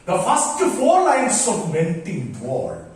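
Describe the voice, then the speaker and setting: A man teaching a poetry lesson on meter, sounding out syllables slowly and deliberately. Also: high-pitched, wildly swooping pitch. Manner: slow, deliberate, drawn-out syllables. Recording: echoey room, voice from far off.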